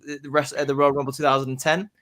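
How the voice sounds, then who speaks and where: A man on a casual podcast, telling his predicted wrestling storyline like excited play-by-play. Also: a little high, fast. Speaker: podcast host.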